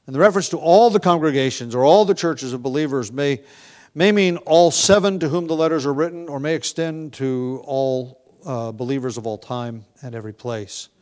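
A male pastor teaching through a scripture passage in a mid-range voice. He reads the verses with rising force, then eases into conversational explanation full of ums, restarts and small chuckles. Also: medium pitch. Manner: reads scripture with rising emphasis, asides with light laughs. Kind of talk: expository sermon.

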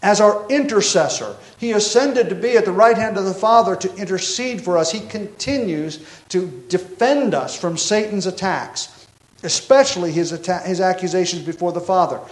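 In an echoey room, a pastor preaches an expository sermon at a moderate pace, his voice sitting high. He is emphatic and explanatory, often correcting himself mid-thought.

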